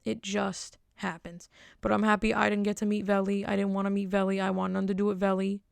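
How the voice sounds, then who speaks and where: Woman podcast host, gravelly voice, dry close sound, rambling casual storytelling, wry asides. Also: mid-range voice, level tone, fast talker, dry recording.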